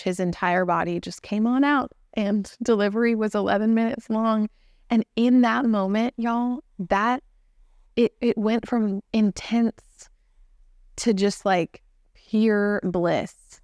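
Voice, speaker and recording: A woman's voice: medium pitch, darkish tone, smooth, no echo, clean studio sound. A young woman with a Texan accent telling her own story in a casual, earnest, chatty way with fillers. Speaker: new mother telling her birth story.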